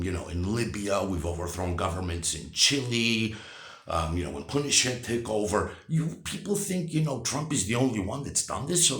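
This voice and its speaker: A man's voice: mid-range voice, creaky, roomy sound. A man in his sixties delivering a blunt, profane, exasperated political rant to camera, often restarting his sentences. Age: 60s. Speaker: vlogger.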